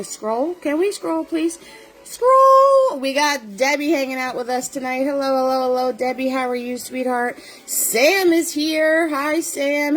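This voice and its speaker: A chatty, upbeat woman hosting a live online painting class who calls her viewers sweetheart. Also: sits high. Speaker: paint party host.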